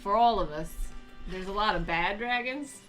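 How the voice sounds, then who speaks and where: A woman's voice: medium pitch, moderate pace, a bit bright, faint music behind, natural voice. A woman playing Bahamut, old dragon god. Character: old male dragon god, hardened but encouraging. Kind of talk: playing a character in a tabletop game.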